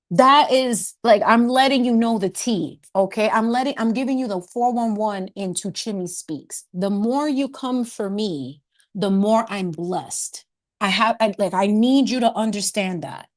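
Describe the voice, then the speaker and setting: A woman's voice: mid-range voice, a little mellow. A woman hosting a casual livestream chat, playful and sassy, laughing often and dropping in Spanish words. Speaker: livestream host.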